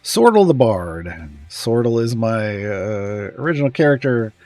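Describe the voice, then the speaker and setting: A man chatting casually on a live stream, rambling and often trailing off with pauses and small chuckles. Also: mid-range voice, very animated, darkish tone, dry recording, faint music behind.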